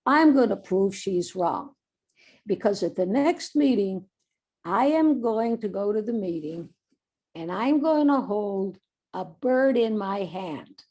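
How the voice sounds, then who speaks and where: A woman's voice: mid-range voice, animated, slow pace, darkish tone. A woman voicing a cocky, scheming teenage boy within a story she tells at a commencement. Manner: smug, plotting.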